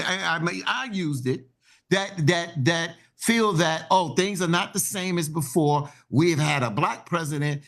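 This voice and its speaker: A man's voice: on the high side, a bit bright. A man hosting a talk radio discussion, speaking bluntly and with fiery indignation. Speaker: radio host.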